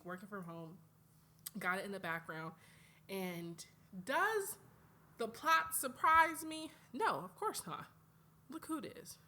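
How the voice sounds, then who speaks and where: Young adult woman from Atlanta, solo podcast host, lively and chatty, bright tone. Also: medium pitch, slight background noise. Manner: animated, chatty, swings between loud outbursts and quiet asides. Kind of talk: casual solo podcast chat.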